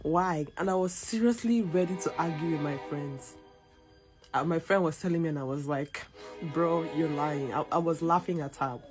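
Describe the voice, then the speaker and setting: A woman's voice: deep voice, normal speed, music in the background. A woman from Nigeria talking casually to camera in an incredulous, exclaiming way.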